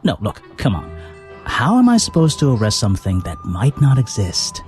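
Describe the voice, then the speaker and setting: A gruff, doubting detective from a video game, who meets every claim with sarcasm. His pitch swings around freely as he scoffs, and a soft music bed plays under him. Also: wildly swooping pitch, moderate pace. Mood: skeptical.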